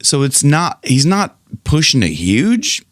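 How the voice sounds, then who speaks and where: A man's voice: on the high side, wildly swooping pitch, slow pace, no echo, studio quality. A man working as a vocal coach, teaching a singing lesson in a friendly, explanatory way and laughing often.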